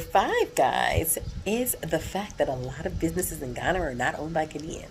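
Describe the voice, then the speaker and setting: Low-voiced outspoken American woman vlogger. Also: lively intonation, brisk, a little hiss or hum. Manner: outspoken, emphatic complaints. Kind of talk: casual opinion vlog.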